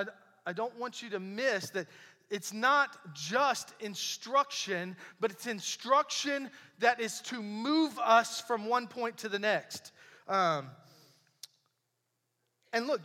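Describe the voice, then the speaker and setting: A man's voice: very high-pitched, lively intonation, slow, sharp tone, in a large hall. A young male pastor, preaching a sermon in a casual, emphatic way, repeating phrases for effect. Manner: conversational, emphatic preaching with repetitions. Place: church sanctuary.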